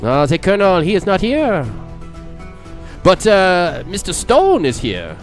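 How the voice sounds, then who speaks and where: A man's voice: high-pitched, huge pitch swings, unhurried, soft background music, voice pushed up, full character voice. A man voicing a probing, overly polite male servant in a put-on French accent, formal and hesitant. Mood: prying. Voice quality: fussy formal phrasing with hesitations. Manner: prying, overly courteous.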